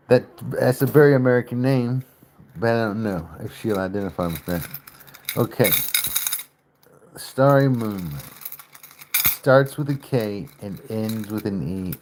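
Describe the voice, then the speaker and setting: A man hosting a livestream, chatting casually with viewers, teasing them and guessing their names out loud. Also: mid-range voice. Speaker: livestream host. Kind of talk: casual live-stream chat with viewers.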